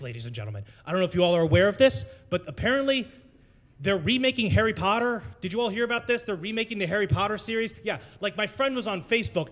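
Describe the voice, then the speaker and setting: A man's voice: high voice, a bit bright. A young American man hosting an open mic in a brewery, doing a rambling, self-mocking stand-up set and working the crowd. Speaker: open mic host and comedian. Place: brewery taproom.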